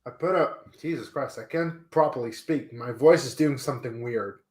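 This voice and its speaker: A man's voice: medium pitch, normal speed, darkish tone. A man co-hosting a casual movie watchalong, laid-back and laughing often, recorded with a roomy echo.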